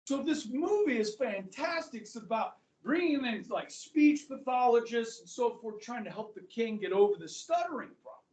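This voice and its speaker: A man teaching a history class, talking in a chatty, animated way and checking in with the students again and again. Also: extremely high pitch, moderate pace, hardly any pauses. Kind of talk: classroom lecture. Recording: echoey classroom, mic far off.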